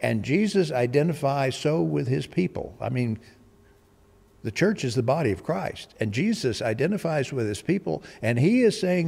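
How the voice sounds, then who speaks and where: A man's voice: medium pitch, animated, normal speed, creaky, a little mellow, in a large hall. A man preaching a sermon, explaining scripture verse by verse and acting out the quoted voices with rising emphasis.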